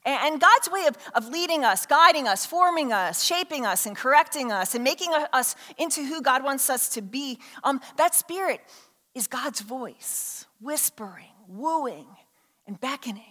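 A woman pastor gives a sermon in a chatty, unpolished way, full of "um"s and restarts. Her voice is bright and slightly high. It echoes with the long reverb of a large church hall. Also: expressive, normal speed. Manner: conversational, with many fillers and restarts.

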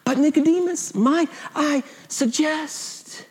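A man's voice: very high voice, takes it slowly, voice pushed up. A man putting on a sugary southern preacher. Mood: syrupy. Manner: sugary, flattering, salesy. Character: syrupy southern evangelical preacher, male, polite. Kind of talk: mock impression within a sermon.

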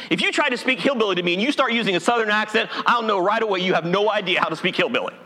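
A man's voice: high voice, pushed and bright. A male pastor from Appalachia preaching a sermon in a church, folksy and humorous. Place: church sanctuary. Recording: long hall reverb.

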